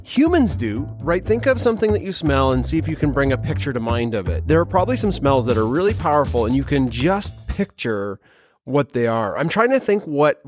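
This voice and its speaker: A man talks through science news in a loose, jokey podcast style. His voice sits at an ordinary middle pitch and is recorded close and dry. He throws in playful quoted voices as he goes. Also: dry recording. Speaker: podcast host. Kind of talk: casual science podcast chat.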